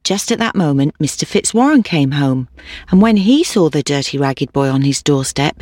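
A woman narrating a children's storybook in a gentle, expressive way. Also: deep voice, moderate pace, no echo, studio quality.

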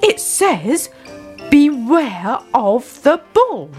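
A woman's voice: sits high, sing-song, drawn-out words, a little mellow, faint music behind, exaggerated voice. A woman doing a lecturing farmer. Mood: stern. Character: stern but kindly farmer, middle-aged man.

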